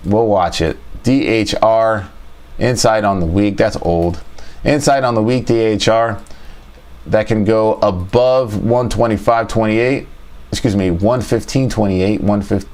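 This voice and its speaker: Low-voiced man thinking aloud. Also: measured pace, darkish tone. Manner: thinks aloud, repeats phrases, talks to chat. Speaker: trading show host. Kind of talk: casual livestream chart review.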